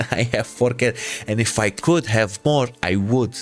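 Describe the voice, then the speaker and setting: A man who is a native Portuguese speaker, with a Portuguese accent, chats casually with viewers as a game streamer, repeating himself and calling people brother. His mid-range voice is unhurried, and soft music plays in the background.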